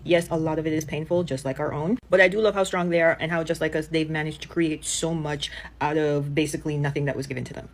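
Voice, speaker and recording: Woman, deep voice, quick chatty commentary. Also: steady tone, slight background noise. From Jamaica. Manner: warm, enthusiastic, uses fillers like "like". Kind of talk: casual commentary to camera.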